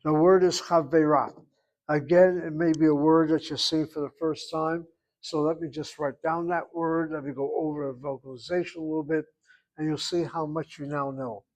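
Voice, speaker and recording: A patient man teaching a language class, his voice sitting a little high as he walks methodically through grammar and gently corrects his students. He explains each point step by step. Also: fairly even intonation, moderate pace. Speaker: Hebrew teacher. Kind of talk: online class instruction.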